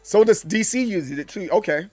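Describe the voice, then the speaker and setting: A man's voice: high voice, normal speed, dry recording, faint music behind. A man, chatting casually with his stream audience. He talks animatedly, stumbling over restarts. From Southern US. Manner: animated, stumbling restarts, acts out quoted voices. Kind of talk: casual live-stream chat with chat.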